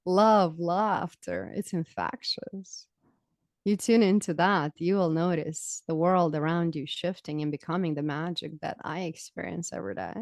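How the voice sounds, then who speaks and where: Woman on a podcast, expressive and emphatic, lowish voice, really dry close sound. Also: normal speed, no echo. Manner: expressive, emphatic, laughs easily. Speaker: podcast guest, spiritual teacher. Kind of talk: casual podcast conversation.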